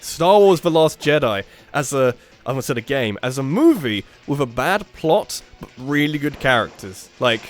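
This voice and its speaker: A man rambling through gameplay commentary, thinking aloud and giving opinions. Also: medium pitch. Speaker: let's play commentator.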